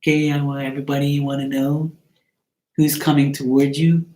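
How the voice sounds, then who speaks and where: A man putting on a high voice to mock a young woman tarot reader as whiny and touchy. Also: flat delivery, brisk, warm tone, close to an everyday voice. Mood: chirpy. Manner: high-pitched, pleading, then chirpy. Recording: roomy echo.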